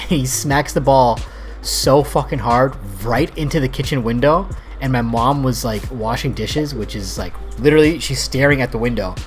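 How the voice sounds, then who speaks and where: A man's voice: mid-range voice, normal speed, soft background music. A man in his thirties telling rambling, profane childhood stories while playing a game, laughing as he goes. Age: 30s. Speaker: gaming video host. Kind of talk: casual storytelling over gameplay.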